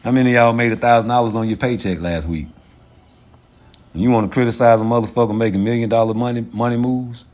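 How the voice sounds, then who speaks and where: A man hosting a casual livestream, ranting in a profane, animated way and laughing often. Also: medium pitch, quick pace. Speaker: livestream host.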